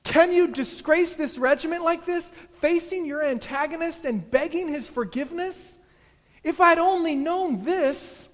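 Guy preaching, doing scandalized soldiers yelling, way up high, echoing hall. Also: measured pace. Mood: outraged. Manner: shouting, scandalized. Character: outraged army seconds at a duel, men. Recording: long hall reverb.

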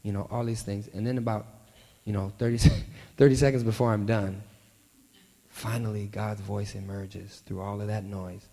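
A man preaching a sermon, telling a story and often softening his voice at tender moments. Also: on the low side, flat delivery, normal speed. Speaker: pastor. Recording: long hall reverb.

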